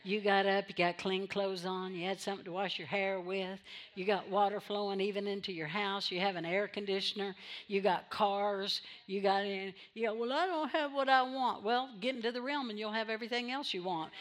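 A woman's voice: mid-range voice, little pitch movement, brisk. A woman pastor preaching a sermon in church, repeating phrases for emphasis and drawing amens from the congregation.

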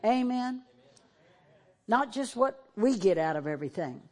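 A woman's voice: on the low side, big pitch swings, brisk, darkish tone. A woman preaching a sermon in a church, moving between fervent exhortation and tearful emotion. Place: church sanctuary, televised.

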